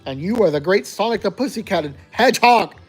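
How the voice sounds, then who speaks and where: A player reading a gamebook aloud, putting on the voice of an excitable, theatrical warthog tribe leader. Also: mid-range voice, brisk, husky, soft background music.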